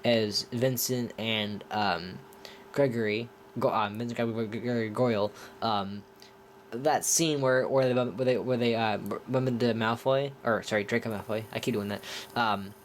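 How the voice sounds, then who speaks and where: A man's voice: mid-range voice, fairly even intonation, unhurried, slight background noise. A man giving a casual movie review, rambling with many restarts and talking enthusiastically. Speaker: film reviewer.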